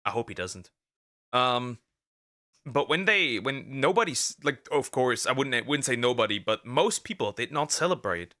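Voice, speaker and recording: Speaking in a mid-range, animated voice with a sharp tone, a male vtuber delivers casual react commentary. He rants and speaks his mind bluntly, stumbling through fillers and restarts as he rambles.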